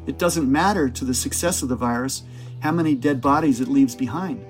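A man, an author, explaining science in a measured way during a talk to a book club. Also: mid-range voice, soft background music.

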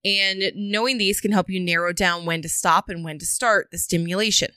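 A woman with a bright, forceful voice co-hosting a podcast. She chats casually and playfully, laughing easily. The sound is dry and close. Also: fairly even intonation, moderate pace, clean tone, no echo. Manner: playful, laughs often, dips into a low sultry voice. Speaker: podcast co-host. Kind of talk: casual chat.

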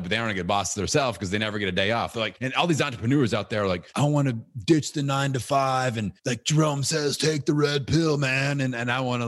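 A man in his thirties with a very low voice talks freely as a podcast guest. He rambles, piles on fillers and keeps things relaxed. The recording is close and dry. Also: no room sound. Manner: loose, rambling, fond of "like". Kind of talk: casual interview chat.

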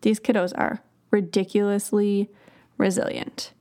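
A woman's voice: mid-range voice, level tone, a little slow, dark tone. A woman hosting a podcast, explaining child development in a conversational way with example phrases to children. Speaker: podcast host.

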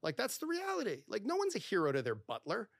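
A fairly high-voiced man talking frankly as a podcast guest. His pitch swings widely as he acts out little scenes and fills his talk with "like". The sound is dry and close, with no room around it. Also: quick pace, vocal fry, dry recording. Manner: animated storyteller who acts out quoted dialogue, heavy use of "like". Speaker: divorce lawyer, podcast guest. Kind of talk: candid podcast conversation.

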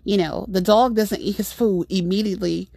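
Middle-aged woman host, gravelly voice, dry close mic, chatty exasperated storytelling. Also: medium pitch, normal speed, dry recording. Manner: animated, exasperated, rambling with fillers. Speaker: podcast host. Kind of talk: casual storytelling monologue.

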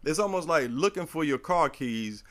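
A middle-aged man in casual chat, telling a long story in a rambling, animated and profane way. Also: on the high side, normal speed.

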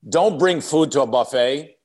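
A man in his sixties, a former player co-hosting a podcast, telling relaxed stories in casual chat. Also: a little high, a little slow. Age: 60s. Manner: storytelling, relaxed.

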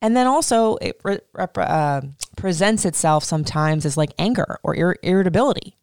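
A woman's voice: fairly low pitch, animated, normal speed, a little mellow, smooth, no room sound, clean studio sound. A woman podcast host in her thirties giving casual, candid advice, swearing freely and laughing often.

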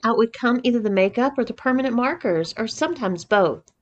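A woman's voice: a little high, animated, brisk, a little hiss or hum, lightly acted. A woman reading the part of a sheepish young man recounting a story, matter-of-fact.

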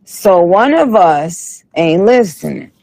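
A man doing a drawling, gravelly diva rapper. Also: high-pitched, very animated, slow, darkish tone, slight background noise, exaggerated voice, low-quality recording. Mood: sassy. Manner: sassy, drawling, profane. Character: sassy tired female rap star, late-night livestream. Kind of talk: comic impression reading live chat.

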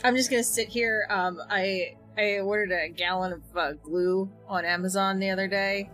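A woman's voice: medium pitch, fairly even intonation, normal speed, a bit bright, faint music behind, poor audio. Woman podcast co-host, playful, jokey banter. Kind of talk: casual chat.

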